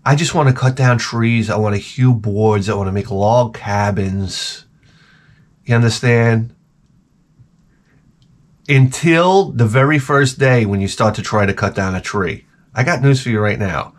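A man's voice: on the low side, measured pace. A middle-aged man, host of his own channel, telling rambling comic stories in a profane, ranting way. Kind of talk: rambling comedic monologue.

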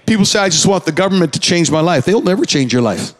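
A high-voiced male pastor preaches in a church sanctuary, his words trailing into a long hall reverb. He leads the congregation in call-and-response and climbs to emphatic high peaks. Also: lively intonation, quick pace. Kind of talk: sermon.

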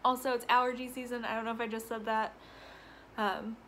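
Speaking brisk and flat in a slightly high, bright, forceful voice, this woman hosts her own podcast from home with the windows open. She rambles casually and laughs a lot, breathless and congested from allergies. The recording is rough, with a little hiss or hum.

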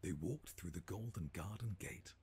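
A man's voice: low voice, animated, moderate pace, background noise. A man voicing a storybook narrator in a video game, reading a rhyming bedtime tale. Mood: calm. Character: deep-voiced male storybook narrator.

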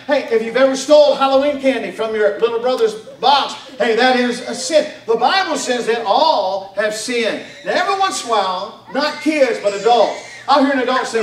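A man presents the gospel to families, using call-and-response and folksy rhetorical questions. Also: extremely high pitch. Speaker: mission director preaching. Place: church hall at a Christmas party. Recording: echoey room, far from mic.

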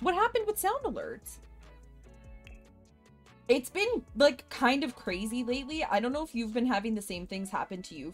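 A woman live streamer chatting casually with her viewers, chatty and expressive, laughing often. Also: mid-range voice.

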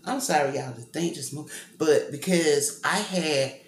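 Chatty woman vlogging in a dark kitchen. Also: sits low, measured pace, slight background noise. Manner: rambling, talks directly to viewers as "y'all". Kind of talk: casual chatty vlog. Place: kitchen at a workplace, lights off. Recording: echoey room with faint background ambience.

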